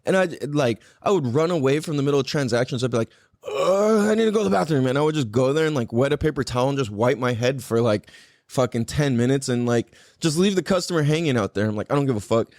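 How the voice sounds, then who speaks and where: A man's voice: a little high, a little mellow, no room sound, clean studio sound. Rambling, profane podcast host guy. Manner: rambling and heavily profane, full of "like" fillers. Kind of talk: casual chat.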